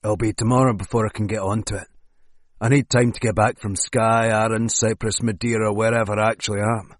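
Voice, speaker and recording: A man's voice: fairly low pitch, little pitch movement, a little fast, no echo, natural voice. A man voicing a wary retired male hitman with a clipped, sardonic way of talking. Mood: bargaining. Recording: dry close studio sound.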